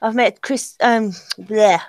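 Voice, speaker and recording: Brummie woman, higher voice, dry close sound, teasing pub-chat host. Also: steady tone, slow pace, dry recording. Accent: Birmingham. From Birmingham, England. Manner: laughing, teasing banter. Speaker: stream host. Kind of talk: casual group voice chat.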